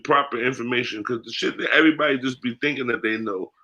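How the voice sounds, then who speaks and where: Blunt, profane man, bright voice. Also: medium pitch, fast, highs cut off. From United States. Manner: blunt, profane, emphatic, street slang. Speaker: guest, spiritual priest. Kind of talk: candid interview talk.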